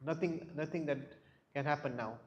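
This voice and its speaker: A man's voice: fairly high pitch, moderate pace, a little mellow, muffled recording, lightly acted. A man voicing a vast, proud ocean that mocks a small bird in a fable. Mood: scoffing. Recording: echoey hall.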